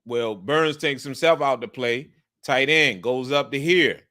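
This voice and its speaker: This man analyzes football game film in laid-back commentary, his mid-range voice unhurried. Emphatic like a coach, he repeats himself and bursts into animated outbursts.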